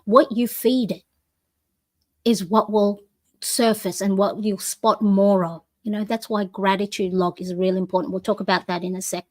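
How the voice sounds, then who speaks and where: A woman's voice: mid-range voice, steady tone, moderate pace, dry recording. A woman in her forties hosting a motivational planner talk, encouraging and repeating affirmations, with many "you know"s. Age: 40s. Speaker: planner coach and channel host. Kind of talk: motivational live plan-with-me talk.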